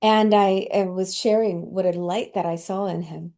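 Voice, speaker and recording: A woman's voice: medium pitch, fairly even intonation, moderate pace, mellow. A woman host telling a heartfelt personal story in an emotional, tearful way, often laughing as she talks.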